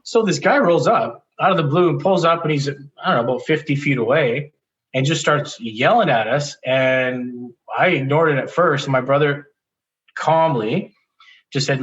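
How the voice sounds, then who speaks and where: A man being interviewed, telling a personal story in a candid, animated way, often restarting sentences and laughing as he talks. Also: mid-range voice, normal speed, dull audio. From Canada. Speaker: interview guest.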